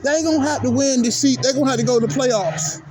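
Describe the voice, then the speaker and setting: A sports vlogger on his own channel unleashes a heated, profane, repetitive rant at his viewers in an angry monologue. His voice is extremely high-pitched, he talks fast, and there's noise in the background.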